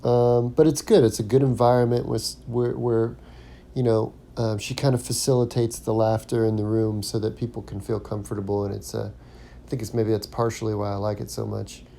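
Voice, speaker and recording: A man's voice: lowish voice, level tone, fairly quick, vocal fry, dark tone, slight background noise. A man hosting his own podcast as a stand-up comic, talking through a casual solo monologue with plenty of ums and restarts. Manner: rambling, lots of ums and restarts.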